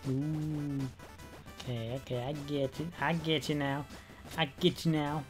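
Excitable male gaming streamer. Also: on the high side, a little slow, soft background music. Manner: excitable, repeats phrases, swears freely. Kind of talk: casual gameplay commentary.

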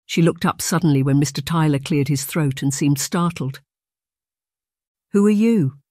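A man narrating a novel in a measured, even reading. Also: on the high side, no room sound, clean studio sound. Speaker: audiobook narrator. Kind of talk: scripted narration.

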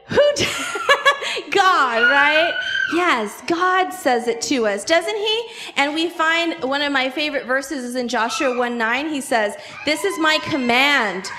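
A woman telling a lively children's story at a church program and talking directly to the kids. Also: sits high, background noise.

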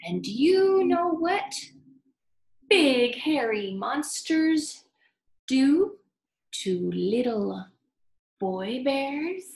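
A woman voicing a playful, teasing father who speaks loudly and sometimes drops to a hushed growl. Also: high-pitched, big pitch swings, drawn-out words, pauses often, roomy sound, voice pushed up, full character voice, poor audio. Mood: mock-scary. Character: playful dad, teasing and gruff.

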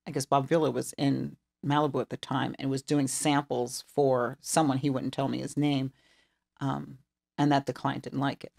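Middle-aged woman w a gravelly voice, chatty storyteller, does all the voices in her stories. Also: rumbling low, normal speed. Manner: animated storyteller who acts out quoted dialogue. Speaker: interior designer guest. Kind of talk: storytelling interview chat.

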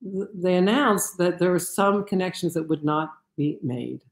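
Brief: woman speaker telling a lively personal story, slightly low voice, echoey room. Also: normal speed. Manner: animated, with many fillers and restarts. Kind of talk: storytelling talk.

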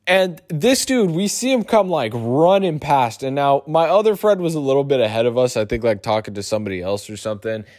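A young man telling a profane, animated storytime for his YouTube channel. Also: fairly quick, hardly any pauses. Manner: profane, animated storytelling with big pitch swings. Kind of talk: storytime vlog.

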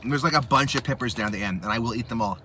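A man rambling through a movie recap while his mouth burns from spicy chips, slipping into excited impressions. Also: mid-range voice, racing, background noise. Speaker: mukbang host.

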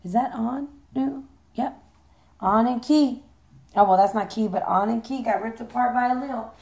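A hoarse woman giving a chatty, playful tarot reading, swearing casually as she talks. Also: a little high, normal speed, a little mellow. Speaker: tarot reader.

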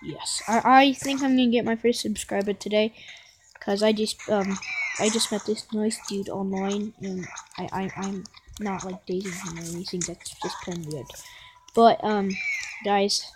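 A woman giving rambling, excitable gameplay commentary and chatting to her viewers. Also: mid-range voice, normal speed, noisy background. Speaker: gaming vlogger.

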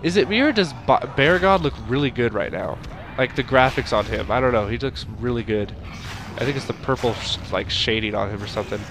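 A young man doing casual let's play commentary, tired and yawning, reacting loudly with grunts and battle cries as he fights. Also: mid-range voice, fairly quick, background noise. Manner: excitable, shouts attack noises and groans at the game. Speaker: gaming YouTuber.

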